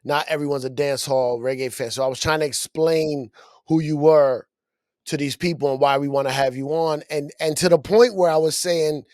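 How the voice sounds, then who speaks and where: A man co-hosting a casual podcast interview, excitable and quick with his interjections. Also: a little high, dry recording, studio quality. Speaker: podcast co-host.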